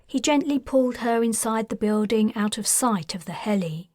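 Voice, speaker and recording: A woman narrating her own science fiction audiobook in a calm, measured storytelling voice on a close mic. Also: fairly high pitch, no echo. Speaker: author and narrator.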